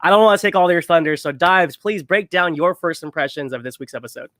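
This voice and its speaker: A man co-hosting a podcast in casual chat, talking in an excitable, rambling way. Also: a little high, quick pace, dry recording, clean studio sound. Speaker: podcast co-host.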